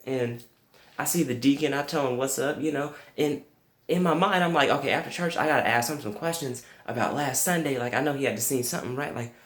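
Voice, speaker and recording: A young man telling a comic story with crude language, jumping to high yelps when quoting himself. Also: brisk, roomy sound. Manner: animated, profane, jumps to high yelps for quoted reactions. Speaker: comedic storyteller.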